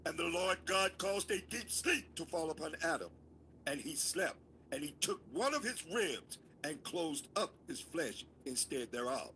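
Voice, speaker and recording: A man reading scripture aloud in a class, with a measured, formal delivery. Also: a little high, lively intonation, pushed and bright, slight background noise, low-quality recording.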